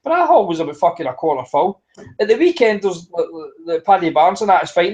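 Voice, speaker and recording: A man with a high voice rants through a casual podcast chat. He is blunt, swears constantly and builds himself into a fury as he goes. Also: big pitch swings, fast, darkish tone, poor audio. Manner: ranting, blunt, heavy swearing. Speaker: podcast co-host.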